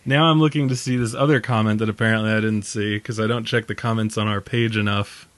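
A man's voice: lowish voice, fairly even intonation, fast talker, a bit bright, dry recording. A tired man co-hosting a casual movie podcast, rambling and joking, laughing often. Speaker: podcast co-host.

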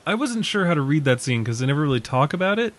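A man's voice: on the high side, very animated, fast talker. A man in a casual film discussion, talking candidly and loosely with the occasional swear word.

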